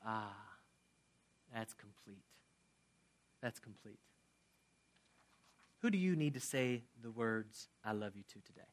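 A middle-aged man preaching as a pastor in a conversational way, asking his congregation questions and swinging from loud emphasis to a quiet, soft prayer. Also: medium pitch. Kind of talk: sermon with closing prayer.

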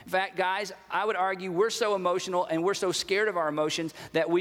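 A man's voice: high voice, steady tone, brisk, few pauses, a bit bright. A man preaching a sermon as pastor, talking conversationally and acting out everyday dialogue. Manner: conversational, acts out quoted dialogue. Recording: long hall reverb.

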